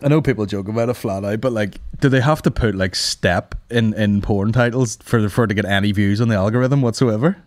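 A man's voice: on the low side, brisk, hardly any pauses, no echo. A man hosting a comedy podcast, ranting casually with plenty of swearing and laughing at his own jokes. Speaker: podcast host.

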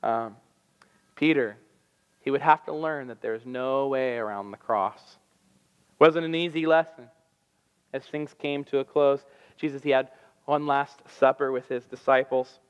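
A man preaching a sermon as pastor, telling the story with animated energy and acting out the voices. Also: mid-range voice, measured pace, long pauses, smooth, long reverb tail, highs cut off. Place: church sanctuary.

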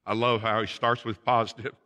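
A man's voice: fairly low pitch, level tone, a little fast, bright, forceful tone. A man pastor delivering a sermon in a church, emphatic and repeating phrases for stress. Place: church sanctuary.

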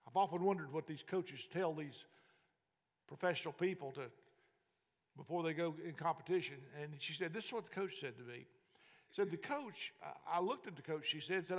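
A man with a notably high voice preaches in a church sanctuary, weaving anecdotes between scripture readings. His words ring out with a long hall reverb behind them. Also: animated, normal speed. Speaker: pastor. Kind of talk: sermon.

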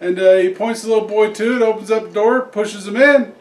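A man's voice: sits high, brisk. Rambling, folksy man telling a joke. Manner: rambling, folksy, many fillers. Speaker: joke teller, host. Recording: echoey room, distant mic.

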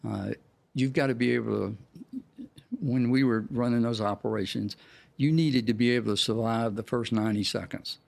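A man's voice: medium pitch, steady tone, moderate pace, vocal fry, darkish tone. A man, a military veteran, speaking in a direct, plain-spoken way in an interview. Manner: direct, plain-spoken with frequent "you know".

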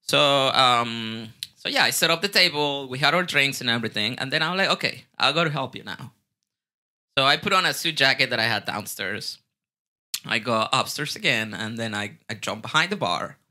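A man with a Mexican Spanish accent tells stories in a loose, casual way, often restarting his sentences. His voice is very bright and forceful, and he sits at a middling pitch for a man. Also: fairly quick. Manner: animated, restarts and repeats words, swears casually. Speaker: guest bartender. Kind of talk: casual storytelling.

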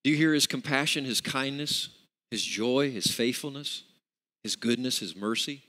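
In a church sanctuary whose large hall gives a long reverb, a pastor preaches with an emphatic, repetitive delivery and has the congregation repeat words back to him. His voice is mid-range, pushed and bright, at a normal speed.

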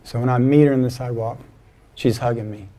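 A man's voice: mid-range voice, steady tone, fast, warm tone. A middle-aged man pastor telling a personal story in a folksy, conversational sermon, acting out bits of dialogue. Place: church sanctuary.

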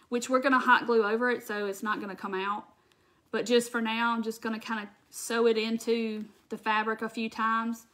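A woman's voice: on the high side, a bit bright. Chatty woman teaching crafts. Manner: chatty, addresses viewers directly and answers comments. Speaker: craft tutorial host. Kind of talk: live crafting demonstration.

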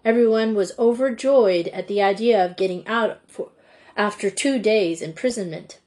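A woman reading a children's storybook aloud in a measured, deliberate way. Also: mid-range voice, darkish tone. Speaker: audiobook reader. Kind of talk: storybook narration.

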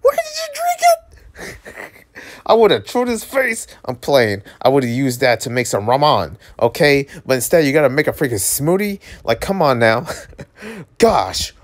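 Man, webtoon reader, excitable, joking asides. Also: mid-range voice, normal speed. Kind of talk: reading and reacting to a webtoon.

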